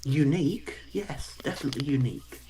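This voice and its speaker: A man's voice: mid-range voice, fairly quick, very noisy. A British man from the United Kingdom chatting casually with dry, teasing humor. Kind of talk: casual chat.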